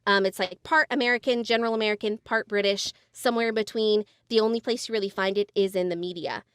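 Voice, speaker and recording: A woman's voice: medium pitch, fairly even intonation, fast, fairly bright tone, smooth, dry recording. A woman who works as a voiceover actor, co-hosting a podcast and explaining at length with many fillers in casual chat.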